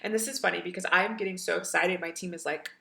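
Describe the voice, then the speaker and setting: A woman coach guides listeners through a meditation and activation, repeating phrases in a chant-like way. Her voice sits low and carries a gravelly fry. Its tone is bright and forward, and her delivery is effusive. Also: fairly even intonation, fast talker. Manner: effusive, breathy exclamations, chant-like repetitions. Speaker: spiritual coach.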